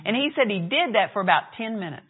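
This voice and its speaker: A woman preaching a sermon, her voice sitting at a middle pitch. She acts out laughs and quoted dialogue as she tells her story. The sound is thin and narrow, like a phone line. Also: lively intonation, fast talker, husky.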